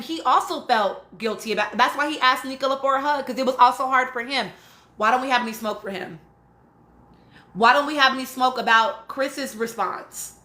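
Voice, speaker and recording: A podcast host with a high, pushed and bright voice reads and replies to live chat on her stream. She's casual and emphatic and frequently checks in with "right?", with an echoey room around her.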